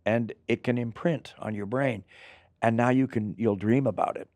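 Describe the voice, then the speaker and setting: An older male actor talks through his memories in a loose, animated way, trailing off and circling back. His voice has a gravelly rasp at a middling pitch. The sound is close and dry. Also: moderate pace, no room sound. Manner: animated, rambling storyteller. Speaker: actor guest. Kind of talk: casual interview chat.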